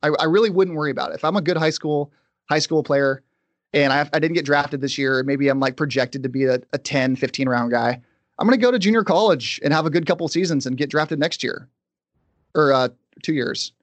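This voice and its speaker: A man's voice: on the high side, no room sound. Man, podcast host, casual sports talk, dry close sound. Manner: conversational, quick asides.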